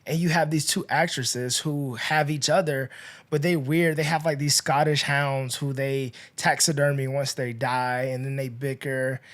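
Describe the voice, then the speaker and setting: A man hosting a podcast, casually retelling a movie's plot in a chatty, rambling way, full of "you know" and "like", with his voice rising and dropping in loudness. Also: mid-range voice, steady tone, measured pace. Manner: chatty, filler-heavy storytelling with swings in loudness. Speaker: podcast host.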